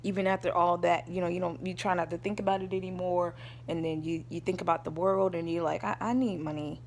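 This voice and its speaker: A woman's voice: fairly low pitch, level tone, quick pace, darkish tone, slight background noise. A woman vlogger telling a personal story in a rambling, casual way, often stopping to check in with her listeners. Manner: rambling, checks in with listeners, addresses them as y'all.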